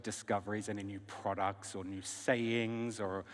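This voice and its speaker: A man's voice: fairly low pitch, little pitch movement, measured pace. A man interviewing a guest on a festival stage, friendly and easygoing. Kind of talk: onstage interview. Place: large festival stage hall. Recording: long hall reverb.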